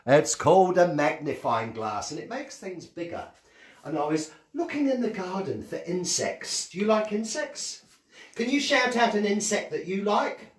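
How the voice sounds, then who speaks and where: Children's entertainer, male, playful and lively, raised voice, echoey room, distant mic. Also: high voice, normal speed. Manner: animated, playful, asks kids questions. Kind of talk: storytelling to children.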